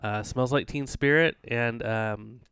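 Smooth-voiced man telling rambling stories. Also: mid-range voice, takes it slowly, fairly bright tone, no echo. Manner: rambling storyteller, many fillers and restarts. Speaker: podcast co-host. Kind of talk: casual chat.

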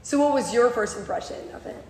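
Higher-pitched young woman hosting, echoey room. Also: quick pace, darkish tone. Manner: laughing, asks friends questions. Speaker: podcast co-host. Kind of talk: casual chat. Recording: echoey room with long reverb, faint noise.

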